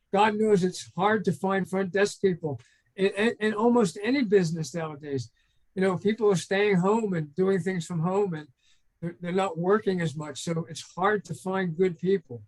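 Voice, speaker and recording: High-voiced older man telling stories. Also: normal speed, poor audio. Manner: rambling, anecdotal, acts out phone calls. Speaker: guest, trainer and consultant. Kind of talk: casual storytelling in an interview.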